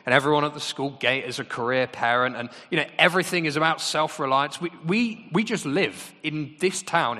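A man's voice: mid-range voice, pushed and bright. A man preaching a sermon in a chatty, conversational way, often asking the congregation questions. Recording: long hall reverb.

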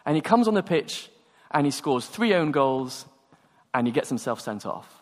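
A man preaching a sermon, telling stories and acting out the dialogue with animated energy. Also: medium pitch, moderate pace. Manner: animated storytelling, acts out dialogue. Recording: long hall reverb.

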